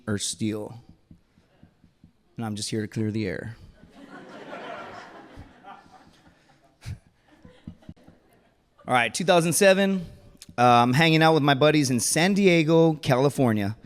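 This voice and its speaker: A man's voice: medium pitch, clear, resonant tone. A man in his thirties telling a true story on stage, casual and joking, with slangy asides and chuckles. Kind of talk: live personal storytelling. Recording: reverberant hall.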